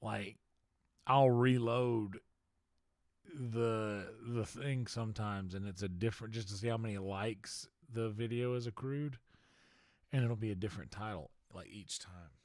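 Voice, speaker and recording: A man's voice: on the low side, unhurried, darkish tone, no echo, studio quality. A male game streamer chatting to his live viewers in a theatrical, mock-formal put-on accent.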